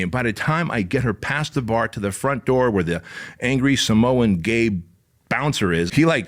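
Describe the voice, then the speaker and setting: A man hosting a podcast, telling a story in a casual, emphatic, profane way. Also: on the low side. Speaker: podcast host. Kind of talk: storytelling monologue.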